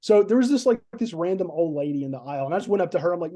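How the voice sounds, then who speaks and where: Racing through his story of a film shoot, an excited male guest on a podcast rambles and loops back, repeating words when he gets nervous. Though slightly high in pitch, his voice has a dark, mellow tone.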